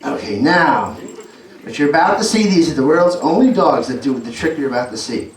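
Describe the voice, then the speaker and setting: A man with a New York accent performs a live dog trick show at an indoor venue, talking to the audience and cueing his dogs. His voice is on the high side, animated and brisk. The audio is roomy live hall sound picked up from far off, with loud noise.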